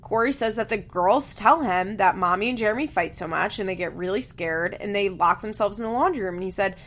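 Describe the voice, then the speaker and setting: Young female podcast host, casual and opinionated, mid-pitched, laughs easily. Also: brisk, hardly any pauses, a bit bright. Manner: chatty, opinionated, laughs often, lots of "like". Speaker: podcast host recapping a reality show. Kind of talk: casual recap chat.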